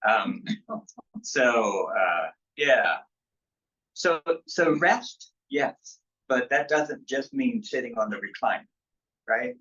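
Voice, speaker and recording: Bright-voiced pastor leading a study group. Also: male voice, mid-range voice, slow, long pauses. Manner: relaxed, chuckles often, many ums. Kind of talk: casual group discussion. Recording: dull lo-fi sound.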